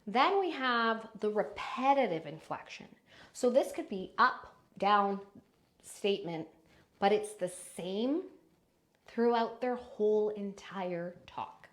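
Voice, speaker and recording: A woman's voice: expressive, slow. A woman teaching a live online lesson on speaking voice, demonstrating habits with exaggerated examples. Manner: demonstrative, shifts pitch and volume to show habits. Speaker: voice and speaking coach.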